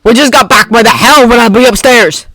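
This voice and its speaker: A fan reader voicing a hot-tempered young male student, loud and gruff. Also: medium pitch, a little fast, dry recording, pitched above the performer's own voice, rough recording. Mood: angry.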